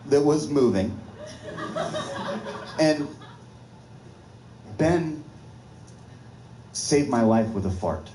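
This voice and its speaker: Male comic spinning a yarn on stage, lively and giggly, roomy reverb, faint hiss. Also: mid-range voice, extremely slow, pauses often. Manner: animated, laughs through his own story. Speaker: comedian. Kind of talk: storytelling stand-up set.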